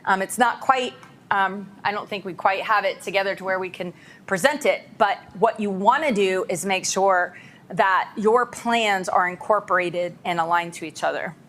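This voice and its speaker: A woman's voice: medium pitch, normal speed, a bit bright. A woman leads a workshop for a county board in a meeting room. She talks in a loose, conversational way and now and then drops into mock voices of grumbling staff. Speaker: presenter from a school of government.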